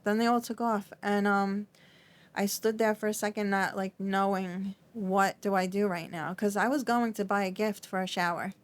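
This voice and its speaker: A middle-aged woman appears as a podcast guest, recalling something painful in an emotional interview. Her mid-range voice shakes and trembles, with fairly even intonation, and she often halts, restarts and fills gaps with "like".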